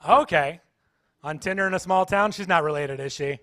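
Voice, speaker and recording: A man's voice: sits high, fairly quick, pushed and bright. A man doing stand-up comedy at a church, playfully teasing the audience. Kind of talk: stand-up comedy with crowd work. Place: church stage.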